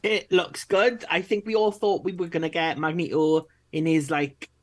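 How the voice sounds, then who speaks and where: A man co-hosting a live stream, chatting in a relaxed, measured way with fillers. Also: a little high. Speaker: co-host. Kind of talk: casual live-stream chat.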